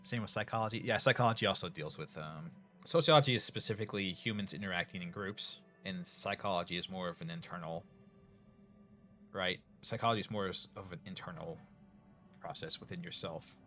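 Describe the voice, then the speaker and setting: With a deep, bright, forceful voice, this middle-aged Northern US streamer talks a little fast to his viewers. The chat is casual and rambling, full of fillers and restarts, and faint music sits behind him.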